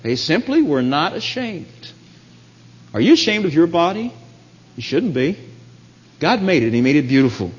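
Man, preacher, sermon, lively emphatic delivery, fairly high voice, long hall reverb. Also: normal speed, pauses often. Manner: animated, emphatic preaching with sudden high excited peaks. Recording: dull lo-fi recording in a reverberant hall.

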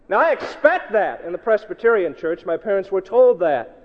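A man preaching a sermon to a congregation in a church hall, emphatic and challenging, swinging between loud outbursts and low asides. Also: big pitch swings, moderate pace. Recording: echoey hall, dull lo-fi sound.

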